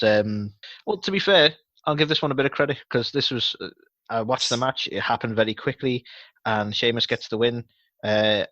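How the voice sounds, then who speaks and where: A man's voice: medium pitch, a bit bright, no echo. Guy on a wrestling podcast, sarcastic and sweary, muffled dry mic. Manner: swearing, rambling, sarcastic asides. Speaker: podcast co-host. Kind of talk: casual wrestling chat.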